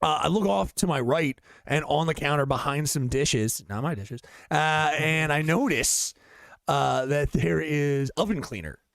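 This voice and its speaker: A man with a gravelly, slightly high voice, rambling through a casual podcast story, swearing often and piling up fillers. He is close to the mic in a dry room with no echo. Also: expressive, measured pace, a bit bright. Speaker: podcast co-host. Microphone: studio podcast mic.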